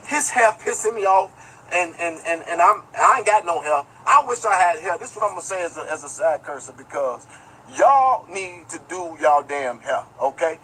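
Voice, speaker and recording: A man's voice: sits high, fairly bright tone, a little hiss or hum, rough recording. A man giving casual livestream commentary, telling a rambling, profane story and talking straight to his viewers. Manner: talks straight to viewers, reads chat aloud. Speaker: online commentator.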